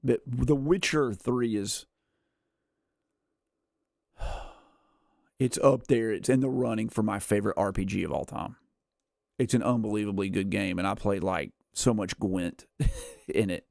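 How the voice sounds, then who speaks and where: A man's voice: lowish voice, a little slow, vocal fry, pauses often, darkish tone, dry recording, clean studio sound. A man in his thirties chatting casually on a game livestream, rambling with lots of "like" and "uh" and frequent chuckles. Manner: rambling, filler-heavy, says "like" and "uh" a lot; chuckles often while talking. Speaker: gaming streamer.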